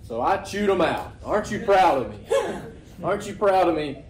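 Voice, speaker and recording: A man's voice: sits high, animated, moderate pace, recorded from a distance, pitched above the performer's own voice. A male preacher voicing a boastful young disciple who eagerly wants praise, in an echoey church room. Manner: bragging, eager.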